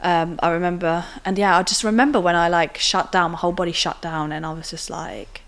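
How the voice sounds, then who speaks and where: A young woman tells her own story to an interviewer. Her voice sits on the low side, and she talks in a loose, chatty way, full of fillers and tag questions. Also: steady tone, brisk. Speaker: guest telling her story. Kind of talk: casual personal storytelling.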